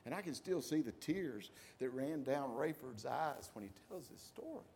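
A man's voice: mid-range voice, normal speed, a little hiss or hum. A man preaching a sermon, telling stories and acting out the voices of people in them. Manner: animated storytelling, acts out voices. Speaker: pastor.

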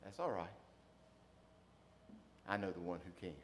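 A man preaching a sermon to his congregation, then leading a quiet prayer. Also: deep voice, a little slow, a little hiss or hum. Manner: swings from loud emphatic preaching to soft hushed prayer. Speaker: pastor. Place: church sanctuary.

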